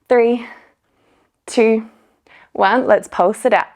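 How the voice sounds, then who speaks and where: A young woman with a slightly high, gravelly voice coaches a pilates workout, counting down reps and cheering the listener on. She sounds a little out of breath from exercising along. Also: fairly even intonation, measured pace, darkish tone. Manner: upbeat counting and coaching, with light laughs. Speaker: pilates instructor. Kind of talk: workout instruction.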